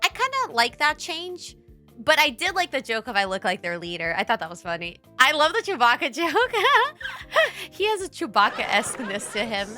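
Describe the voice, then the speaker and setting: Bright-voiced chatty Brazilian-born comedian woman. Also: high-pitched, very animated, moderate pace, soft background music. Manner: chatty, laughs often, restarts sentences. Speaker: comedian reacting to a stand-up clip. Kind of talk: casual reaction commentary.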